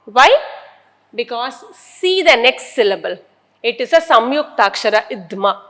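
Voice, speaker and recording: High-voiced woman teacher, echoey. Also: expressive, measured pace, a bit bright. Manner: explains step by step, repeating key terms. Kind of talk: classroom lecture.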